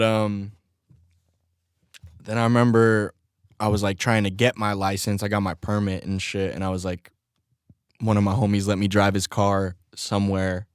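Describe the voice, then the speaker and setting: Casting: young male podcast host, lowish voice, relaxed and profane, laughs through his stories, dry close sound. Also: smooth, no echo. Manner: laid-back, profane, laughs often while telling stories. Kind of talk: casual solo podcast storytelling.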